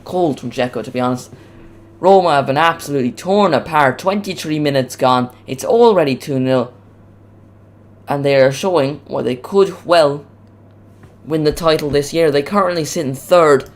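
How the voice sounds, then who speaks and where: A man's voice: on the high side, moderate pace. Chatty male streamer with cracking voice. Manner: chatty, rambling, excitable on goals. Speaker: watch-along streamer. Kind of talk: live match commentary, casual.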